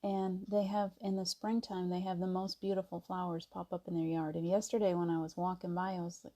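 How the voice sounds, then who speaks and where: A woman hosting a casual live stream, chatting gently and greeting viewers by name. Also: on the low side, flat delivery, fairly quick, few pauses. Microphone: device mic on a video stream.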